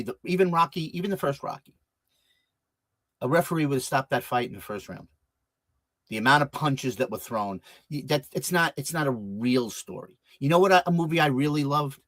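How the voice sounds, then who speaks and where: A talk show host, a man, chats in an interview with a lively, swinging delivery and keeps restarting his sentences. His voice is dry and close, with no room around it. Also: medium pitch, dry recording. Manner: chatty, lively storyteller with many restarts.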